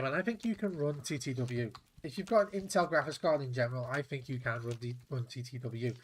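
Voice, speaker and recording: Offhand, profane gamer. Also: male voice, on the high side, a little hiss or hum. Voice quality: offhand, profane, muttering to himself. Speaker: gameplay streamer. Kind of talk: casual gameplay commentary.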